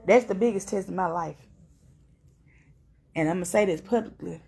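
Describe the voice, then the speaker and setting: A middle-aged woman giving an earnest spoken testimony, repeating herself and climbing to high emphatic peaks. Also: a little slow, creaky, warm tone, husky.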